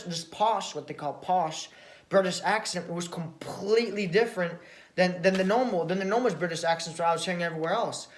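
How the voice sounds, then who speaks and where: An American man telling a casual travel story to camera. He rambles, repeats phrases and often ends sentences with a quick "right?". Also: high voice, roomy sound. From United States. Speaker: vlogger.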